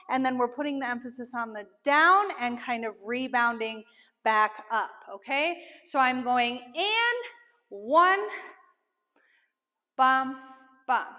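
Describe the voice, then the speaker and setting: Woman dance instructor, high and bright, slow and chatty, counts beats aloud, long room reverb. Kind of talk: dance lesson, counting out moves.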